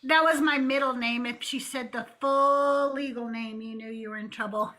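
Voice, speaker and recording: A woman's voice: a little high, steady tone, moderate pace, pushed and bright. An older woman hosting a live call-in stream in casual chat, laughing often and swearing freely. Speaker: host.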